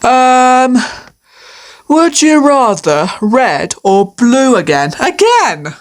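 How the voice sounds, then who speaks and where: A woman's voice: a little high, very animated, drawn-out words. A woman chatting on her own through a quiz, playful and hesitant, with many fillers and frequent laughter. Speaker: video creator answering quiz questions. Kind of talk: casual solo commentary.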